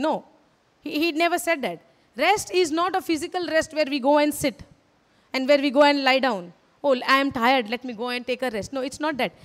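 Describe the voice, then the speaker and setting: High-voiced woman preaching in a hall. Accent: Indian English. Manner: earnest, repeats phrases, asks the audience questions. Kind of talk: sermon. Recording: hall reverb.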